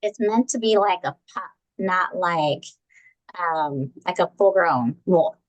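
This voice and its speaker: A woman's voice: lowish voice, a little slow, lo-fi sound. A woman co-hosting a podcast in casual chat, blunt with wry asides. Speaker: podcast co-host.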